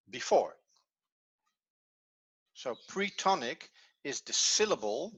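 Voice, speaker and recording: A man's voice: mid-range voice, fairly bright tone. A man with a Dutch accent, a native Dutch speaker teaching a language lesson in English, patiently repeating key words as he explains. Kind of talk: classroom lesson.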